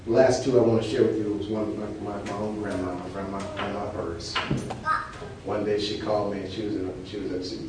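A male preacher, telling an animated testimony and acting out the people in his story. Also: lowish voice, a little fast. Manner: animated storyteller, acts out quotes with laughter. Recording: echoey hall, distant mic, noisy.

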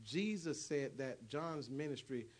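A man pastor preaching a sermon, reading scripture aloud with loud, emphatic bursts between quieter asides. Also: medium pitch, animated, unhurried.

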